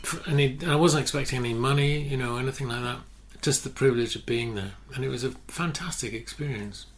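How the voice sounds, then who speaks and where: An older man, a photographer telling stories in a relaxed interview, often restarting his sentences. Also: medium pitch, quick pace, a little hiss or hum. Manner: anecdotal, self-correcting, many restarts. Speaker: guest photographer. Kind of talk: casual interview chat.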